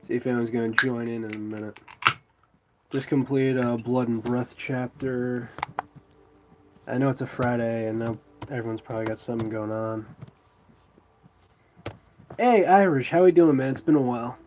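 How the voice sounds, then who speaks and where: A man's voice: medium pitch, moderate pace, long pauses, noisy background. Stuffy-voiced man chatting on a live stream. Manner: laid-back, chatty, greets viewers. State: stuffy from a cold. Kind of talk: casual live stream chat.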